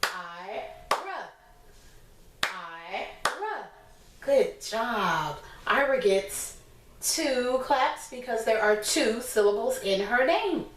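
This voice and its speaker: A woman teaching a class of small children, with a slow, sing-song teacherly way of talking. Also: fairly high pitch, expressive, a little hiss or hum. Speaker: preschool teacher. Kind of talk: online class lesson for young children. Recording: echoey room, voice from a distance.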